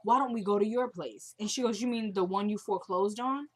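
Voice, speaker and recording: A woman's voice: mid-range voice, fairly quick. A young woman casually recapping a TV drama episode, retelling scenes and quoting the characters in a chatty way.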